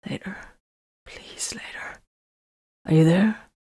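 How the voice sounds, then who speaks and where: A woman's voice: lowish voice, fairly even intonation, slow pace, darkish tone, breathy edge, no echo, clean studio sound, exaggerated voice. A woman voicing a weakened male soldier who can barely speak, faint and whispery, in an audiobook. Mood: strained.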